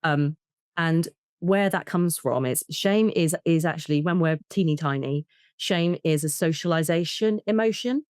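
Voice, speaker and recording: A woman, a therapist, talking in an interview, explaining with lively examples and acting out short bits of dialogue. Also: sits low, a little slow, clear, resonant tone, no room sound, clean studio sound. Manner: animated, acts out child and parent voices in examples. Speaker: attachment and trauma therapist, guest. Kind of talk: conversational interview.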